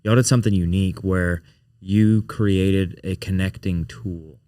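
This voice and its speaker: A man's voice: low-pitched, fairly even intonation, unhurried, dark tone, no echo, clean studio sound. A man hosting a podcast, prompting his guest with brief questions. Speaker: podcast host interviewing a guest.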